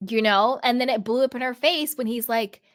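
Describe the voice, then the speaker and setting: Woman, higher voice, sassy and animated, casual reality-TV recap. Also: fairly quick. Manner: sassy, animated, mimics people in quotes. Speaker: host.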